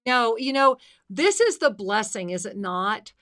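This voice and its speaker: A woman's voice: fairly high pitch, lively intonation, unhurried, fairly bright tone. A woman hosting a live spiritual call-in show, speaking in an effusive, blessing-filled way and calling listeners endearing names.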